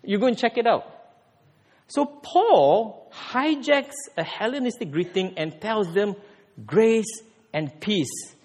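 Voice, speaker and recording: A man preaching a sermon in an animated way, with sudden emphatic rises. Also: high-pitched, measured pace, long reverb tail. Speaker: pastor.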